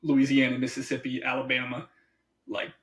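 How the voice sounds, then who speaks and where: A man co-hosting a podcast in casual chat, animated, acting out what other people say and laughing often. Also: medium pitch, moderate pace. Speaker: podcast co-host.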